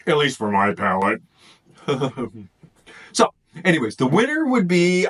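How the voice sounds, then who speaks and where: Casual male food vlogger, lively up-and-down delivery, loose and rambling. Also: on the high side. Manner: rambling, thinks aloud between bites. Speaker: food reviewer. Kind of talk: casual taste-test vlog.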